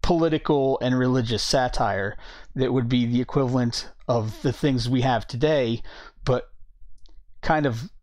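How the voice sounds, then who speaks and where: A man's voice: mid-range voice, a little slow, a little mellow. A man teaching a Bible study in a casual way, thinking aloud, reading verses and often restarting his sentences. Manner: thinking aloud, reads scripture, hesitant restarts.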